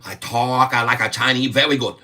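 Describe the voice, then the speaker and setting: A man's voice: mid-range voice, extremely slow, fairly bright tone, voice pushed up. A man doing a giggly broken-English boaster. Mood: cheeky.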